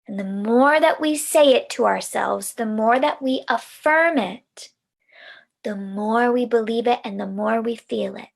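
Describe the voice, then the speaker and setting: A woman leading a mindfulness lesson for children, giving gentle, soothing instructions. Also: fairly high pitch, a little slow, creaky. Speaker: mindfulness teacher.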